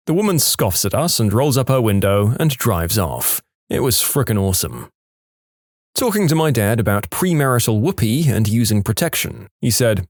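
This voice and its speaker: A man's voice: mid-range voice, moderate pace, no echo, clean studio sound. A man reading funny short stories aloud as a narrator, with wry asides and acted-out quotes. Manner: lively storytelling, acts out quotes, wry asides. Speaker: storytime narrator.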